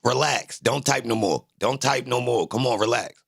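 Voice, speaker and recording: A man streaming a reaction to a court video, joking loudly in profane slang. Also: mid-range voice, normal speed, vocal fry. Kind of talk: casual reaction commentary.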